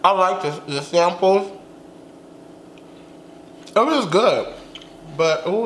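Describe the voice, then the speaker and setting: A young man chats sassily through a casual mukbang vlog, talking while stuffed full after eating, with drawn-out slangy phrasing. His voice is high-pitched, animated and a bit bright. The room is reverberant, with a little hiss or hum.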